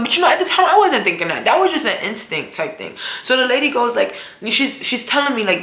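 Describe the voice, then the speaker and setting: A young woman telling a casual storytime vlog, slangy and animated, often jumping into high voices to act out what people said. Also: quick pace, hardly any pauses. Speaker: vlogger. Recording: echoey room.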